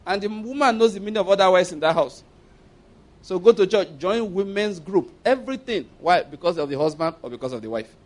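A man's voice: high-pitched, lively intonation, fairly quick. A man preaching a sermon, telling stories and jokes with emphatic, acted-out quotes.

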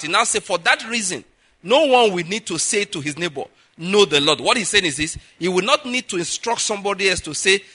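A middle-aged male pastor preaching a sermon, pushing his voice higher and louder to stress his points. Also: husky. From Nigeria. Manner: emphatic, rises in pitch and volume to stress points.

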